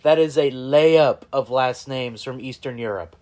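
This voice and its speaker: Very low-voiced laid-back woman. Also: a little slow, a little mellow. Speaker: co-host. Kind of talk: casual podcast chat.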